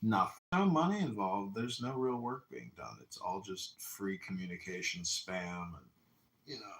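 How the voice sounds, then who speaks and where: A man's voice: on the low side, expressive, moderate pace, a bit bright, echoey room. A man hosting a casual livestream chat, blunt, mocking and profane. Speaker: livestream host and candidate. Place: room at home.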